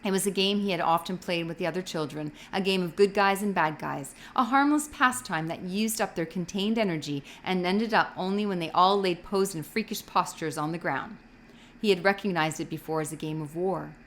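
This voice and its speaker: A woman's voice: fairly low pitch, fairly quick, slight background noise. Woman reading a novel aloud. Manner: expressive reading with occasional slips. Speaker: reader.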